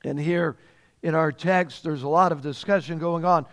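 Emphatic male preacher, somewhat high voice. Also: steady tone, normal speed. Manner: emphatic preacher, repeats phrases, swells in volume on key points. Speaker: pastor. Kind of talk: sermon.

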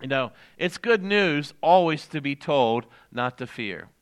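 A man's voice: fairly high pitch, animated, measured pace, clear, resonant tone. An older man, a pastor giving a conversational sermon, repeating key lines and putting questions to his congregation.

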